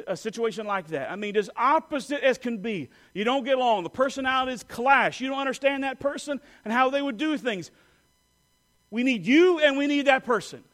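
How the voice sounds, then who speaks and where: A man preaching to his congregation in a high, light voice. He talks conversationally, with fillers and quick self-corrections, and has the people repeat lines back to him. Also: fairly bright tone. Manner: leads the congregation in call-and-response repetition. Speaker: pastor. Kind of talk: sermon.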